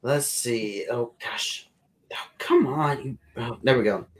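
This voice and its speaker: A man's voice: mid-range voice, slow pace, a little hiss or hum, rough recording. A man co-hosting a casual podcast, running through match results in a loose, filler-heavy way. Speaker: podcast co-host.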